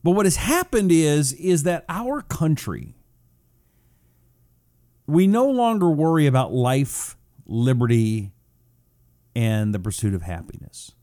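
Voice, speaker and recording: A male talk host with a warm, mellow tone chats in a loose, rambling way, full of "uh" fillers. His pitch swings widely as he stretches words out for effect. The recording is close and dry. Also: very animated, slow, pauses often, dry recording. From Washington State, US. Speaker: radio talk show host. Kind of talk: casual talk show monologue, reading out audience messages.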